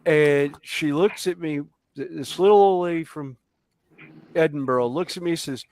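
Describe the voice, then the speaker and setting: A man with a Southern American accent, his voice sitting a little high, tells lively stories in a relaxed group conversation. His words run together as he gets going. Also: normal speed, no echo. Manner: animated anecdote-telling, runs words together. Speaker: panelist, Renaissance festival performer. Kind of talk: casual storytelling chat.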